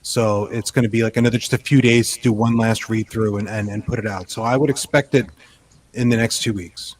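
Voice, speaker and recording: A man in his fifties, a podcast host and author, chatting casually in a halting way with many restarts. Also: lowish voice, steady tone. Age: 50s. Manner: halting, with frequent restarts and fillers. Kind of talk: casual chat.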